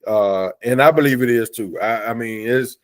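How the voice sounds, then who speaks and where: A man hosting an interview show who talks with enthusiasm and stumbles over his words as he praises his guest's comic. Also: medium pitch. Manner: enthusiastic, halting with restarts. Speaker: podcast host. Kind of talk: casual interview chat.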